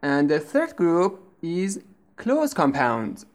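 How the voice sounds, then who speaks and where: A woman co-hosting a scripted language lesson as an English teacher, explaining patiently and clearly. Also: low voice, huge pitch swings, takes it slowly, a little mellow.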